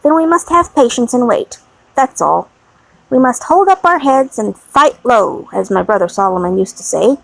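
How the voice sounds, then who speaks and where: A woman voicing a fussy, fiercely loyal older English maid in an audiobook reading, brisk and emphatic. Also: a little high, expressive, vocal fry, no echo, poor audio. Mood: resolute.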